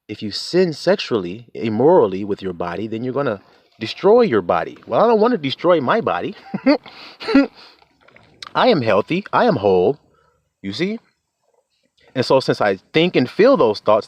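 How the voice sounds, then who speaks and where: A man's voice: medium pitch, big pitch swings, normal speed, dry recording, highs cut off. A young man, giving life advice in a casual, preachy monologue, laughing often, swearing, and acting out quotes.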